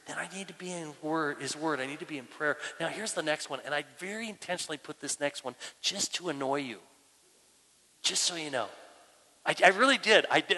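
A male pastor with a bright, forceful, fairly high voice delivers an animated sermon. He repeats phrases for emphasis and sometimes sinks into a hushed, prayerful tone. His voice carries a long reverb from a large church hall. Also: breathy edge. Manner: emphatic, animated preaching with frequent repetitions; drops to a hushed, near-whispered prayer voice at times.

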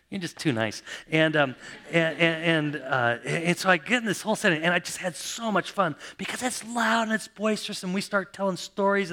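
A middle-aged man preaching from the pulpit with a bright, forceful voice that sits a little high for a man. He acts out the stories, bursting into loud exclamations and then dropping to hushed, nearly whispered lines. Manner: dramatic storyteller, swings from loud exclamations to hushed near-whispers. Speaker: pastor. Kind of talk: sermon.

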